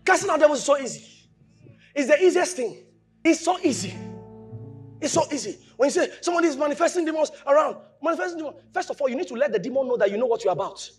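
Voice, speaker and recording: A man preaching a sermon, animated, shouting at times, mimicking voices and laughing. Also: extremely high pitch, quick pace, soft background music. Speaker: pastor.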